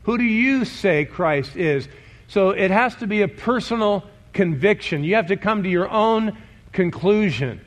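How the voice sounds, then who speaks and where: Male pastor, sermon delivery, slightly high voice, emphatic, conversational. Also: lively intonation, measured pace. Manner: emphatic, conversational, questions the congregation.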